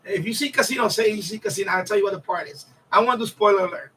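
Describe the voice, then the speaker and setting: A man with a high, sharp voice chats loosely on a livestream, swearing often and circling back over his words. His tone is a bit husky, and he sounds set back from the mic. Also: quick pace, far from the mic, low-quality recording. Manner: rambling, profane storytelling with repeats and restarts. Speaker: livestream host. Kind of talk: casual livestream chat.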